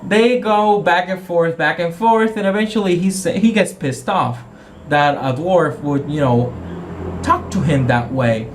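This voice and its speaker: A man's voice: fairly high pitch, measured pace, slight background noise. A man acting as game master, casually retelling a tabletop game session in a rambling way and often correcting himself.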